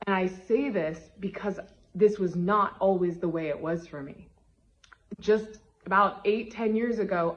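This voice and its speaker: Gushing woman coach with muffled sound. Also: mid-range voice. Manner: gushing, emphatic, lots of "right?" tags. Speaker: love coach. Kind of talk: motivational vlog talk.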